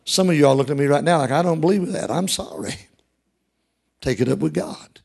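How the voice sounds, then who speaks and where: A male pastor preaching an emphatic sermon, calling out to the congregation and rising to shouts. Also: a little high, brisk, vocal fry. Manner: emphatic, call-and-response preaching that rises to shouts.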